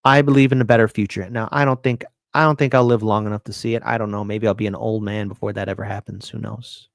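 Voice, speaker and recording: A man's voice: fairly low pitch, steady tone, quick pace, creaky, no echo, clean studio sound. A man hosting a casual solo commentary show, speaking earnestly and repeating phrases for emphasis. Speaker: host.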